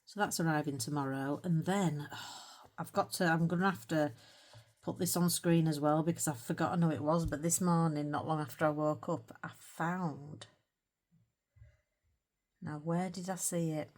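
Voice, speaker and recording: A woman's voice: low-pitched, fairly even intonation, moderate pace, a little mellow. A middle-aged British woman chatting casually as she colours, rambling and self-mocking, with little laughs between thoughts. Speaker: colouring channel host. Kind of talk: casual chat while colouring.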